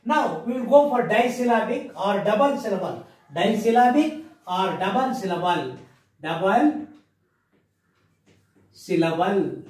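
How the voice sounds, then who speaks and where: A man teaching an English grammar lesson with an Indian English accent, slowly repeating words and spelling them out letter by letter. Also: high-pitched, lively intonation, darkish tone. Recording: echoey room, mic far off.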